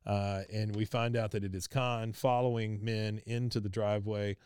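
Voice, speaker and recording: A man's voice: on the low side, level tone, moderate pace, a little mellow, clean tone, no echo, studio quality. A man hosting a podcast, casually retelling cartoon scenes with lots of uhs and chuckles. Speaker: podcast host. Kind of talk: casual episode recap.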